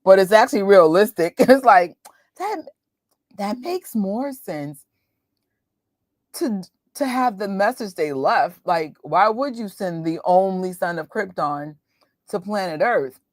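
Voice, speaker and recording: A woman from New York, with the accent to match, hosts a movie watch party, chatting casually and laughing with live viewers while quoting voices. Her mid-range voice has lively intonation and slow pacing, on a dry, clean studio recording.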